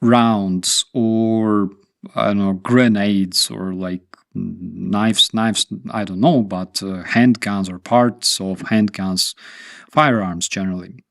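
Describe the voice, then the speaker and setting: A man talks slowly and unhurriedly, chatting with his stream audience. His delivery rambles and turns darkly sarcastic. The sound is dry and close, with no room echo. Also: on the low side, steady tone, creaky. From Ukraine. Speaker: streamer host. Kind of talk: casual live-stream chat.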